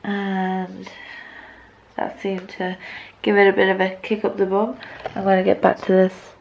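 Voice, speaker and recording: Slow, gravelly-voiced woman vlogging. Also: medium pitch, monotone, lo-fi sound, a little hiss or hum. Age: 20s. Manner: chatty, rambling, self-mocking. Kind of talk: casual vlog chat to camera. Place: at home indoors.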